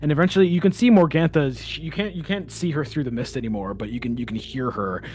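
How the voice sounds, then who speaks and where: A man's voice: on the high side, quick pace, a little mellow, a little hiss or hum. A man running a tabletop game as game master, narrating the action with many stops and restarts.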